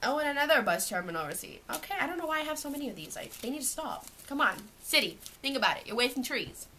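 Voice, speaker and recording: A woman's voice: high voice, very animated, fast talker, sharp tone, slight background noise. A young woman from Canada, chatting casually at home as she shows what is in her school bag, rambling with lots of "like.". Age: young adult. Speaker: vlogger. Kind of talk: casual show-and-tell vlog. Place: at home, indoors.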